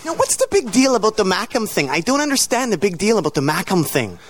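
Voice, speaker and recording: Playful male interviewer; needling, mock-serious questions, pitch all over. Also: big pitch swings, quick pace.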